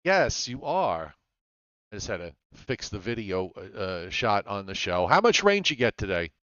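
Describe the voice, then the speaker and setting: A man hosting a live weather show, talking in a relaxed way with many fillers. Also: deep voice, normal speed, clean tone, dry recording, highs cut off. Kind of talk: live weather broadcast chat.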